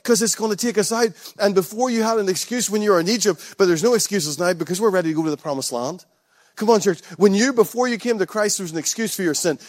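A man's voice: a little high, no echo. Emphatic preaching man, dry close sound. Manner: emphatic, repetitive rallying calls. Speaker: pastor. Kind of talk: sermon.

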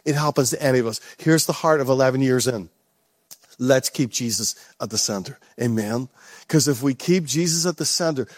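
A man's voice: medium pitch, no room sound, clean studio sound. A man preaching a sermon to his church with emphatic, repeated rallying calls. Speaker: pastor.

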